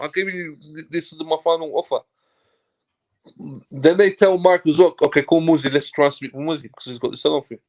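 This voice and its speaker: A man with a gravelly, slightly raised voice, spinning a casual story as a guest. He acts out both sides of past conversations and curses freely. His tone stays animated as he goes. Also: on the high side, fairly quick. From Turkey. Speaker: football agent, guest. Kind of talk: casual anecdote telling.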